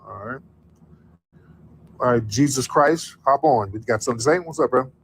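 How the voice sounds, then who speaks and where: A man's voice: medium pitch, normal speed, a little hiss or hum. Male livestream host taking callers, easygoing drawl, says things twice. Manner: loose, drawling, repeats phrases. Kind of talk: casual call-in livestream chat.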